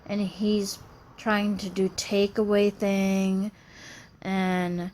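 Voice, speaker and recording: A woman's voice: medium pitch, level tone, very slow, darkish tone. A woman in her thirties venting in a personal vlog, rambling and aggrieved, restarting her sentences often. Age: 30s. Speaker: vlogger.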